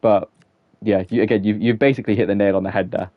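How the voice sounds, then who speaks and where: This young man's casual stream chat wanders as he plays, filled with "like" and frequent laughter. His pitch is fairly low, his intonation fairly even and his pace fast, captured with no room sound in narrow, tinny audio.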